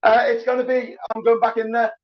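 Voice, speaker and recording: A man live streaming at a crowded party, cheering, shouting greetings and chatting excitedly, getting hoarse. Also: extremely high pitch, a little fast, dull audio, slight background noise. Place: crowded indoor party venue.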